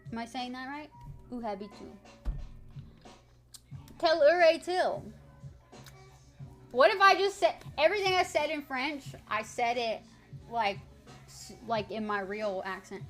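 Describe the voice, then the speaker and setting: High-voiced American woman streamer. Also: normal speed, a bit bright. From United States. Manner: chatty, practicing French words aloud with viewers. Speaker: live streamer. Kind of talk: casual live-stream chat. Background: faint background music.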